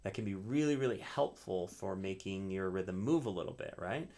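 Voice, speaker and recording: This ukulele teacher speaks in a low-pitched voice at a moderate pace, keeping the rhythm lesson casual and explanatory. He strums between lines and checks in with "right?" again and again.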